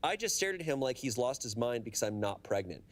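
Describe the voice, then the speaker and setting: A man reading a story aloud and chatting casually with friends, in an animated way. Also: medium pitch, brisk.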